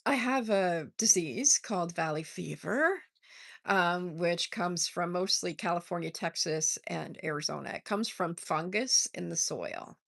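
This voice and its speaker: An older woman hosting a casual livestream, chatting warmly and reading out viewer comments between laughs. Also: lowish voice, lively intonation, a little slow, gravelly, dry recording, studio quality. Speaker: livestream host. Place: home, on a porch.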